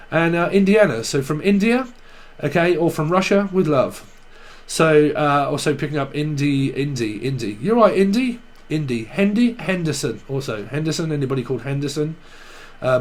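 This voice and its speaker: A man with a Cockney accent giving a rambling tarot reading, riffing through names and word associations in a playful, swearing way. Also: on the high side. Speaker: tarot reader.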